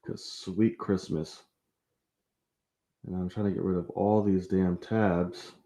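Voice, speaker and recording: A man's voice: deep voice, level tone, slow, dark tone. A man hosting a live-streamed sports show, giving heated, profane opinions and speaking straight to his viewers. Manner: addresses viewers directly.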